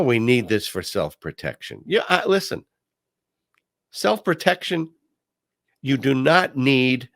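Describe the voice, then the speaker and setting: A man hosting a podcast, telling a personal story in a casual monologue. He acts out the quoted voices at a higher pitch and drops low and quiet on his asides. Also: no echo, studio quality. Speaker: podcast host.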